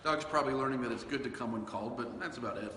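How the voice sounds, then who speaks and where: Rapid-fire and sharp in tone, a man with a mid-range voice chats casually on his solo dog-training podcast, using fillers and correcting himself as he goes. The room is echoey, with long reverb and a faint hiss.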